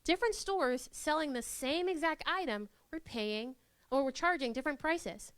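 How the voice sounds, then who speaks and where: A high-pitched young woman gives a live workshop talk to students. She is animated and playful and slips into quoted voices to act out scenes. Her voice sounds close and dry, with almost no room echo. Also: normal speed. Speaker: workshop presenter. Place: university classroom.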